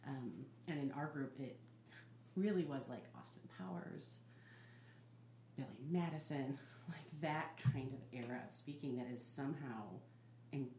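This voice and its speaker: Woman with a super low voice, laid-back podcast chat, echoey room, bit of noise. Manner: laughing, animated storytelling. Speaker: podcast co-host. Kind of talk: casual chat.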